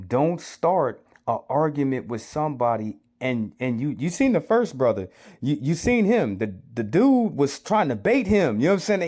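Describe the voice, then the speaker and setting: Man from the US, high voice, urgent sermon-like commentary, hammers the same point over and over. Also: darkish tone. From United States. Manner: urgent, lecturing, repeats himself. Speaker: commentator reacting to a clip. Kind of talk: preachy social commentary.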